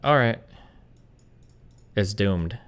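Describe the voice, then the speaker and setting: A man's voice: on the low side, lively intonation, drawn-out words, fairly bright tone, clear, resonant tone. A man hosting a stream, arguing heatedly and profanely in a casual debate, talking over the other speaker. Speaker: streamer host.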